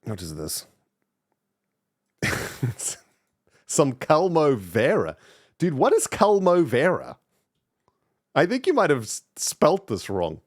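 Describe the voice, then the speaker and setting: A male streamer talking casually on his livestream, his voice slightly high and swinging wildly up and down. He vents in exasperation, jumping between loud outbursts and quiet mutters. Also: huge pitch swings, slow, pauses often. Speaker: streamer, channel host. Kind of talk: casual gaming stream chat.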